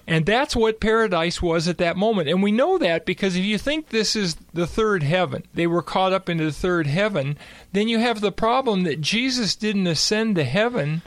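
A man with a high voice talks through scripture in a measured, explanatory way. The recording is dry and close, with no room sound. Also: animated, no echo. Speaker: Bible teacher. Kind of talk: conversational Bible discussion.

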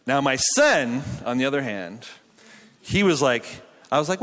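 A man's voice: mid-range voice, expressive, normal speed, fairly bright tone. A pastor in his thirties from Canada, preaching a sermon in a chatty, self-deprecating storytelling way with frequent restarts. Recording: hall reverb from a live venue.

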